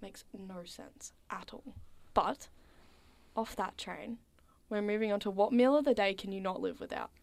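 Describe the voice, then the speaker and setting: Young woman, chatty co-host, gravelly fry in the voice, dry close sound. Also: medium pitch, normal speed, no echo. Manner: chatty, frequent "like", trails off softly. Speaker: co-host asking questions. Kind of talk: casual chat.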